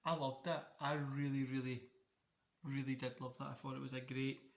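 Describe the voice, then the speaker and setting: A man's voice: mid-range voice, little pitch movement, moderate pace. A man hosting a casual wrestling watch-along, talking in a loose, rambling way. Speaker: wrestling channel host. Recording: echoey room.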